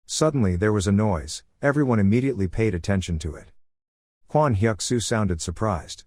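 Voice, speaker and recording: A man with a lowish voice reads a comic recap in a steady, even narration. The recording is dry and close, with no room sound around him. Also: moderate pace, dry recording.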